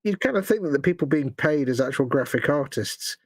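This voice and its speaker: Cheeky, slightly high-voiced British man. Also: animated, fairly quick, a little mellow, no room sound. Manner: jokey, teasing, cheeky asides. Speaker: co-host of a live painting stream. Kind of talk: casual banter while painting.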